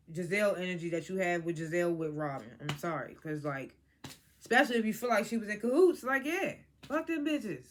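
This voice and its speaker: A vlogger giving a casual, blunt spoken review of a reality TV episode, using speech and acting out what the cast said. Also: mid-range voice. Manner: animated, blunt, swears freely, quotes cast members.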